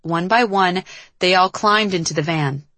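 Low-voiced woman narrating a novel. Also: measured pace, sharp tone, no room sound. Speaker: audiobook narrator. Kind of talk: scripted narration.

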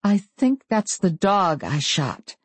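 She is a frightened young woman, as an audiobook reader voices her, her voice pitched up and strained. She pleads with a near-hysterical edge. The sound is dry and close. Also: animated, slow, husky, no echo, heavily acted. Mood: panicked.

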